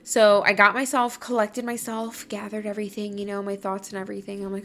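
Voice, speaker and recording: A young woman hosting a podcast, telling a personal story in a gushing, excitable way with lots of "like". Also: mid-range voice, a little fast, hardly any pauses, slight background noise. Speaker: podcast host. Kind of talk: casual storytelling.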